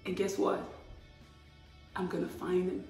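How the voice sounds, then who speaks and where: A woman talking casually to camera, playful and animated. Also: unhurried, vocal fry, roomy sound, distant mic, faint music behind. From Africa. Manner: playful and animated, with laughs and sudden high exclamations. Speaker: vlogger.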